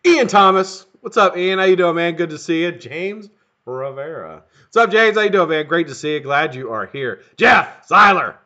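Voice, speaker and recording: Lively, bright-voiced profane male streamer. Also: fairly high pitch, moderate pace. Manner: profane, rambling, jokey. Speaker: live-stream host. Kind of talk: casual live-stream chat greeting viewers. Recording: dull lo-fi stream audio.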